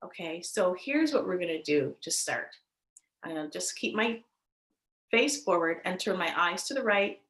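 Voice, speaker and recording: A woman teaching a chair yoga class, giving gentle, cheerful instructions and laughing often. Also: fairly low pitch, animated, normal speed. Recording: echoey room.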